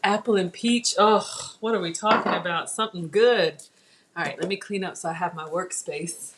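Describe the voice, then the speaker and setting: The audio is very noisy as a woman hosts a live home-kitchen cooking stream through a tablet on the counter. With a lowish voice at normal speed, she chats and reads viewers' comments aloud.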